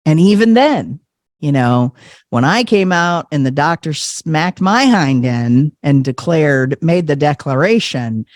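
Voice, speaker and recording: A man telling a personal story as a podcast guest, animated, laughing often and acting out the voices of people he quotes. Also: a little high, unhurried, no room sound, clean studio sound. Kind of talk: conversational storytelling.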